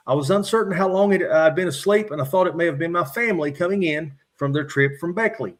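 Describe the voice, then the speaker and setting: A middle-aged man from Virginia, a podcast guest calmly recounting his own encounters from his notes with frequent "uh" fillers. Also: a little high. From West Virginia. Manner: measured, matter-of-fact retelling with frequent "uh" fillers. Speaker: podcast guest, former state trooper.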